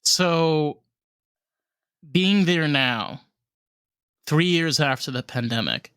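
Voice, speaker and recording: Animated man with a New York accent. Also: a little high, takes it slowly, clean tone, no echo, clean studio sound. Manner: animated, emphatic storyteller who swears. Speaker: podcast co-host. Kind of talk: casual chat.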